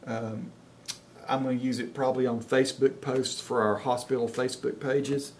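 A man with a Southern Appalachian accent dictating to software and reviewing it in a plain, folksy way, thinking out loud. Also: medium pitch, flat delivery, normal speed, slight background noise. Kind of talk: casual dictation test and review.

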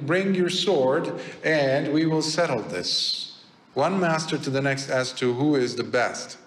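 A male Buddhist monk giving a dharma talk in a temple prayer hall, telling a story with pauses and fillers. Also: a little high.

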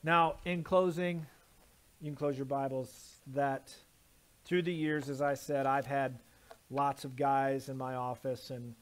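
A man's voice: mid-range voice, steady tone, unhurried. A man preaching a sermon as pastor, with emphatic delivery and repeated lists of words. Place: church sanctuary.

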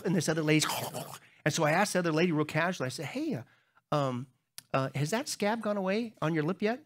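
A middle-aged man preaching a sermon as pastor, telling funny stories to the congregation and jumping into high voices when he acts out other people. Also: fast. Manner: humorous storytelling, talks to the crowd; animated, jumps into high squeaky voices when acting out others.

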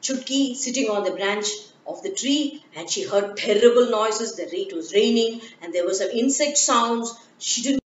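A woman narrating a children's story slowly and gently, with occasional fillers. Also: a little high, animated, slight background noise. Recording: dull, echoey room, from far off.

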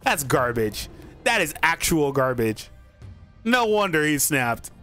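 Excitable young man narrating card game. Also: a little high. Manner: excitable, laughs often, talks to himself while playing. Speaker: gaming channel host. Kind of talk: live card game commentary.

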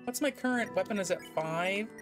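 A woman's voice: mid-range voice, moderate pace. A woman streamer playing a video game, chatting casually and reading game text aloud. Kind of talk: let's play commentary. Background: game music.

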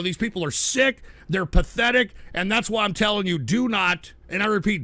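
Male stream host, angry profane ranter, bright high voice. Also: dry recording. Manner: profane, heated, swings into shouting. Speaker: livestream host reading donation messages. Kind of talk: angry ranting livestream talk.

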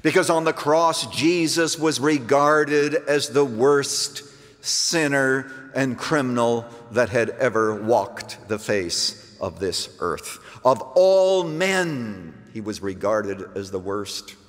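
A pastor preaching a sermon, swinging between hushed, low phrases and emphatic lines. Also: male voice, expressive, slow. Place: church sanctuary. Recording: long reverb of a church hall.

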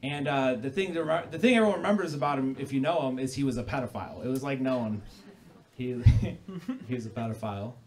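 A man doing a live stand-up set, deadpan with sudden loud bursts, telling dark jokes. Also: mid-range voice, quick pace. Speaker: stand-up comedian. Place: small hall before a live audience. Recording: live room with loud crowd laughter. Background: crowd laughter.

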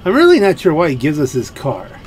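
A man's voice: a little high, wildly swooping pitch, a little fast, a little hiss or hum. A man giving let's play commentary in a rambling, musing way, full of fillers and restarts. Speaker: gameplay commentator.

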